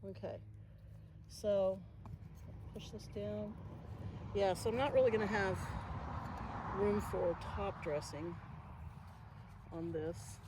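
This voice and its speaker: A woman's voice: medium pitch, steady tone, slow, long pauses. Woman, gardening vlogger, casual thinking-aloud chatter, outdoors, faint traffic behind. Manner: chatty, thinking aloud, soft-spoken asides. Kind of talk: casual narration while working. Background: passing traffic.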